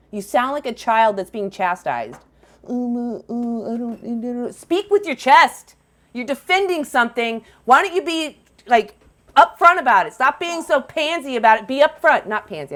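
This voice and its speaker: A woman's voice: on the high side, a bit bright. A woman hosting a live debate stream, challenging callers in a scolding, confrontational way. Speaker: livestream host debating callers.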